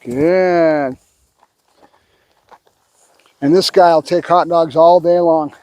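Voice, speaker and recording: A man working as a dog trainer, calling short firm commands to a dog and calmly explaining his method as he trains. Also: fairly high pitch, moderate pace, muffled recording, a little hiss or hum.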